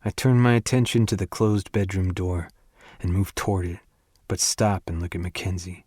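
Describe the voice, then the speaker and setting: A man narrating a first-person romance audiobook with a soft, hushed, emotional delivery. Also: low-pitched, fairly even intonation, moderate pace, slightly rough, no echo, studio quality.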